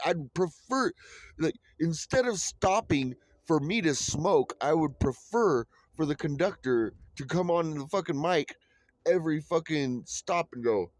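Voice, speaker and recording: A man's voice: fairly high pitch, animated, a little slow. Profane rambling man ranting on a train. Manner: profane, rambling rant with many fillers. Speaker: vlogger. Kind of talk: ranting monologue. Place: on a moving train. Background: train noise.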